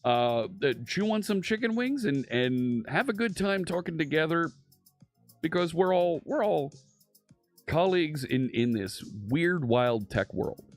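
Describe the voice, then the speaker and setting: A man's voice: on the high side, expressive, measured pace, soft background music. A man hosting a live coding stream, chatting casually and thinking aloud with frequent fillers and restarts.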